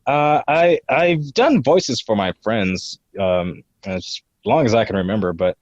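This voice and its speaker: A young man in his twenties talks in a low voice, hesitating often with "uh" and "um". The sound is slightly dull and very dry, like a home mic. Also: expressive, a little slow, no echo. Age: 20s. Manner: hesitant, many fillers, slips into character voices. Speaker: guest voice impressionist. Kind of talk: podcast interview.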